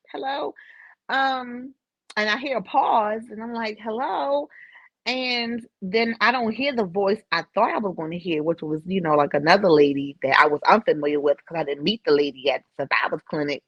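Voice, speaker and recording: A middle-aged woman, a podcast guest, telling a personal story in an emotional, animated way. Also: mid-range voice, no echo. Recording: slightly dull dry recording.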